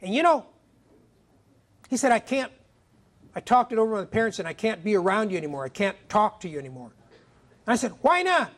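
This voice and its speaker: High, animated middle-aged man storyteller. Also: fast talker, long pauses. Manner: animated, emphatic, acts out dialogue. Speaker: author speaking at a school. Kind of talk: motivational storytelling talk. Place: middle school assembly.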